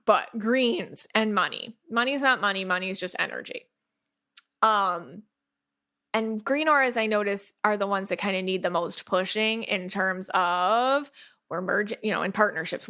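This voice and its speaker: Bubbly woman hosting a podcast, crisp bright voice, rambles casually with lots of "like"s. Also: mid-range voice. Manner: chatty, animated, many fillers and playful quoted asides. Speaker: podcast host.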